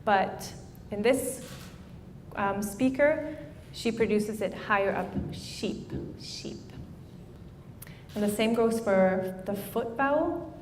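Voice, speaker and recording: Young woman lecturing in an echoey hall. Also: takes it slowly. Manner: explanatory, checks in with the audience and sounds out example words. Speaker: guest lecturer. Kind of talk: academic seminar talk. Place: seminar room. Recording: echoey hall with faint noise and rumble.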